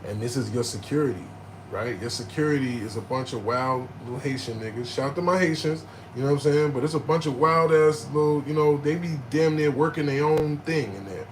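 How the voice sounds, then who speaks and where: A man telling a story in animated, slangy street talk, jumping into loud, high bursts when he acts out quotes. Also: brisk, a little hiss or hum, poor audio. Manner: profane, slangy.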